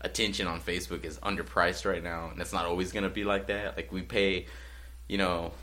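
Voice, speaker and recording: A man's voice: low-pitched, flat delivery, a little fast, pushed and bright. A man co-hosting a podcast, rambling casually with lots of fillers and swearing. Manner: rambling, profane, many fillers. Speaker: podcast co-host. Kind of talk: casual chat.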